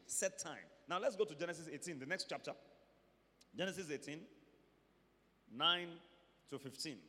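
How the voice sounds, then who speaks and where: Man, preacher, high voice, emphatic sermon delivery, long hall reverb. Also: a little slow, pauses often. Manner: emphatic, swings between quiet asides and shouted emphasis.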